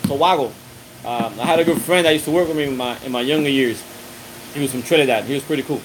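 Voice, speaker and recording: A man's voice: medium pitch, fast, a little hiss or hum, poor audio. A man casually hosting a live stream, chatting loosely and greeting viewers, with frequent restarts and fillers. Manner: rambling, loose and friendly, full of restarts and fillers. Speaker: livestream host answering viewer chat. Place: outdoors on a windy day.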